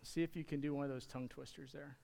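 A man talking to the kids in church, giving a casual, halting object lesson from the stage. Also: fairly high pitch, steady tone, vocal fry, mellow. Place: church sanctuary. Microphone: handheld or stage mic. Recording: hall reverb in a sanctuary.

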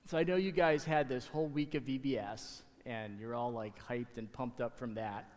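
A man's voice: medium pitch, fairly even intonation, darkish tone. Casual man with a hall-reverb sound. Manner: casual, halting, friendly with kids. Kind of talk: children's object lesson in church. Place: church sanctuary. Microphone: handheld or stage mic.

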